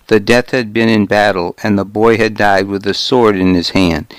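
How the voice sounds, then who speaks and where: A man reads a first-person historical tale with a slow, deliberate pace. His voice sits somewhat low and is smooth and clear. It is recorded close and dry, with no room sound. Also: no echo. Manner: measured, steady storytelling. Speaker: audiobook narrator. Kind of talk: first-person scripted narration.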